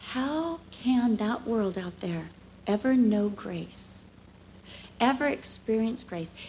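A woman in her fifties giving a conversational sermon at church, telling emotional stories with lively swings from hushed to animated. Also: fairly high pitch, a little hiss or hum, low-quality recording. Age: 50s. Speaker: speaker at a church.

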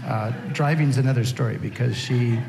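A man co-leading a talk on marriage, relaxed and conversational, with frequent fillers. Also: mid-range voice, normal speed, vocal fry, echoey room, long reverb tail, over music, rough recording. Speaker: co-speaker at a marriage session. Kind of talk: sermon-style teaching.

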